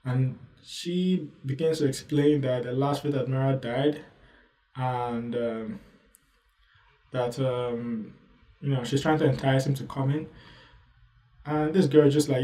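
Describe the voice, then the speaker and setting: A man's voice: mid-range voice, fairly even intonation, unhurried, mellow, echoey room, distant mic, rough recording. A man giving casual commentary as a manga reviewer, rambling loosely with lots of asides. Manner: rambling, loose, full of "you know" asides.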